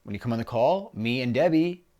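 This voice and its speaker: A man of middle pitch co-hosting a relaxed business talk. He explains ideas plainly and chats easily with his partner. He keeps returning to an invitation to book a call. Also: fairly quick, lo-fi sound. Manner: conversational, pitching a one-on-one call. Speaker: business coach co-host. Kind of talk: casual chat.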